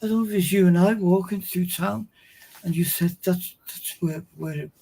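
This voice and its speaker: A man's voice: sits high, normal speed, vocal fry, mellow, slightly rough, rough recording. A man hosting a live stream chat, often restarting and repeating words as he thinks aloud. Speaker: host.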